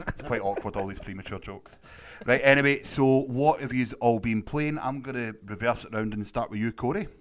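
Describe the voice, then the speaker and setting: A man hosting a casual podcast chat, chummy and quick to laugh. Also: mid-range voice. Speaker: podcast host.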